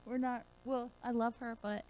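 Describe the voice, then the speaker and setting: A woman's voice: on the high side, little pitch movement, moderate pace, darkish tone. A woman on a kids yoga conference panel, telling an enthusiastic anecdote about teaching. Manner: storytelling, enthusiastic. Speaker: kids yoga workshop presenter.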